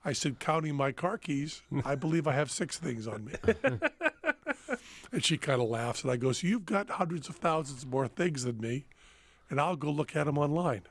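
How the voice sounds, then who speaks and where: A man's voice: on the high side, expressive, normal speed, no echo. A man hosting a podcast, telling a self-mocking story and acting out the dialogue. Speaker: host. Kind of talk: casual storytelling chat.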